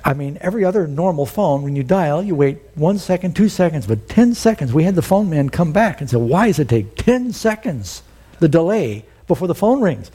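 Husky pastor with a mellow voice. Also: male voice, a little high, moderate pace. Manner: animated storytelling, acting out quoted voices. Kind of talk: sermon.

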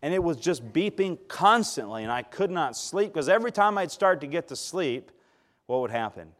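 A male preacher telling a personal story in a sermon, shifting between loud emphasis and hushed tones and calling for responses from the congregation. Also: on the high side, lively intonation, normal speed. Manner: calls for audience response.

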